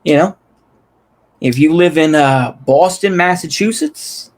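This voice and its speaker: A man's voice: high voice, normal speed. A young man from Texas giving a rambling, casual monologue, loosely tagging his points with "you know" and "right?". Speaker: political commentary vlogger.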